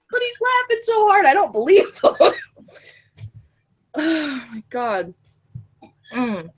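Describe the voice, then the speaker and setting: A woman in her early twenties telling a funny story in casual chat, animated, laughing often and swearing freely. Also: very high voice, extremely slow, pauses often. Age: 20s.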